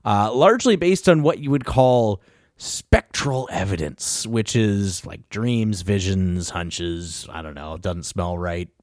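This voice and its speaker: A man's voice: on the low side, lively intonation, slow, no room sound, clean studio sound. A man hosting a casual podcast chat, rambling through history and often chuckling as he corrects himself. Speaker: podcast host.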